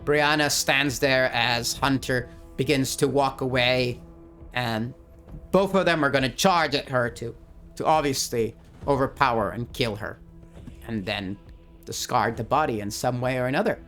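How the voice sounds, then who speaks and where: A man narrating his solo tabletop role-playing game and reading out rules, who gets excited by dice rolls. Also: medium pitch, unhurried, faint music behind. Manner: excitable, laughs at dice results.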